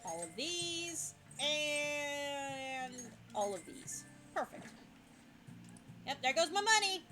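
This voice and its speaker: A woman's voice: sits high, very animated, takes it slowly, over music. A woman giving casual, chatty gameplay commentary, often stopping to correct herself. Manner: chatty, self-correcting, laughs easily. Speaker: let's play host.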